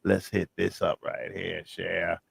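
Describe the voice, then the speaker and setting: A man's voice: sits low, little pitch movement, slow, creaky, breathy edge, no room sound. A man hosting a livestream, giving blunt, laughing commentary full of swearing. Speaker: livestream host. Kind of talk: casual profane commentary.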